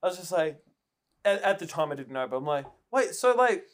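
A young man co-hosting a podcast, telling a story in a lively, foul-mouthed way and acting out the people in it. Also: fairly high pitch, quick pace. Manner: animated, heavy swearing, acts out quotes. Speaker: podcast co-host. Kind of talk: casual storytelling chat.

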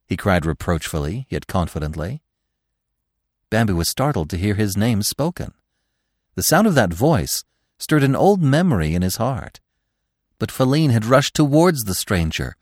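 A man reading a classic story aloud as narrator, in an expressive, measured storybook style. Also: on the low side, dry recording, clean studio sound.

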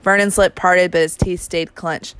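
Low smooth-voiced woman reading a novel. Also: steady tone, normal speed, a bit bright. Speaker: audiobook reader. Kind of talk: first-person novel narration.

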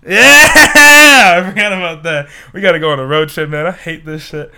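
Young guy podcasting, swears a ton, laughs a lot, kinda high bright voice. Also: fast, clean tone. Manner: profane, joking, laughs often. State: sick. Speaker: podcast co-host. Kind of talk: casual chat. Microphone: desk mic.

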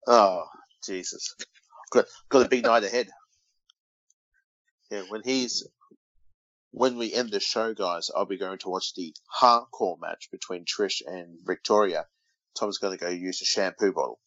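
A man's voice: deep voice, unhurried, long pauses, fairly bright tone, no echo. An Australian man co-hosting a casual podcast, reading odd news stories aloud and teasing his brother. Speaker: podcast co-host. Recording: dull lo-fi dry recording.

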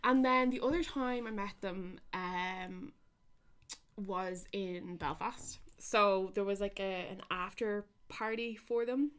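A young Irish woman co-hosting a podcast, telling stories in a lively, laughing way. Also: medium pitch, takes it slowly, clean tone. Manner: animated, laughing storyteller. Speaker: podcast co-host. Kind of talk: casual chat, storytelling.

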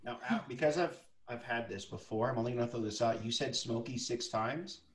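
A man's voice: medium pitch, fairly quick. A man in a casual chat who talks in an easygoing, knowing way. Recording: roomy, distant mic, faint noise.

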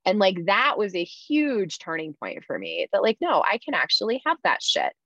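A woman's voice: medium pitch, huge pitch swings, moderate pace, fairly bright tone, no room sound. A woman talking candidly in casual podcast chat, with lots of "like" fillers. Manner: candid, chatty, many "like" fillers. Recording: slightly dull dry sound.

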